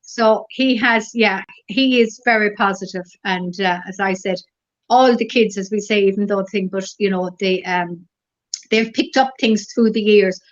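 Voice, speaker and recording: In a casual interview, a gentle middle-aged Irish guest rambles through her stories with lots of fillers, circling back with "as I said." She talks at normal speed in a middle-pitched voice. The audio is dull and somewhat lo-fi.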